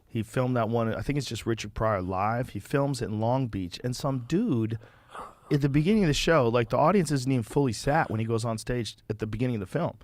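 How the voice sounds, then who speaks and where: A man hosts a casual podcast, cursing often as he tells his stories with energy. His voice sits at a middle pitch. The sound is close and dry, with no room echo. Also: fairly quick. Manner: profane, animated storytelling. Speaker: podcast host.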